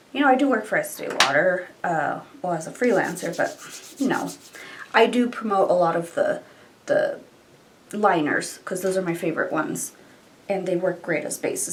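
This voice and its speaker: A woman's voice: mid-range voice, far from the mic, slight background noise, low-quality recording. A young woman chatting casually through a makeup tutorial, thinking aloud and trailing off. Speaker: beauty vlogger.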